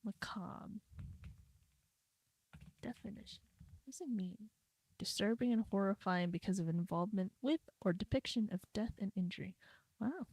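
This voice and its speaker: A woman's voice: medium pitch, normal speed, long pauses, darkish tone, breathy edge. A woman streaming a game, giving casual, playful commentary and talking to herself.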